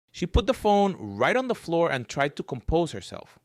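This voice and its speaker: A man narrating a scripted story in a lively, varied storytelling voice. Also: on the high side, normal speed, no room sound, studio quality.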